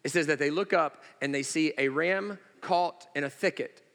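A man preaches a sermon in a somewhat high, bright, forceful voice. He swings from loud, animated exclamations to slow, hushed emphasis, and a long reverb from the large church hall hangs behind every line. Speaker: pastor.

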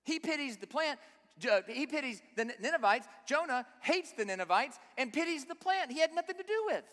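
A man's voice: very high-pitched, animated, a little fast, fairly bright tone. A man preaching a sermon, speaking emphatically and often putting rhetorical questions to his listeners. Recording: long reverb of a large hall.

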